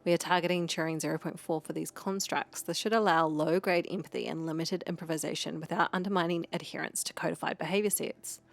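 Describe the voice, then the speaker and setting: Low-voiced woman co-host. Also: fairly even intonation, fast, creaky, hardly any pauses. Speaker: let's play co-host. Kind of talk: casual gameplay chat and plain reading of in-game notes.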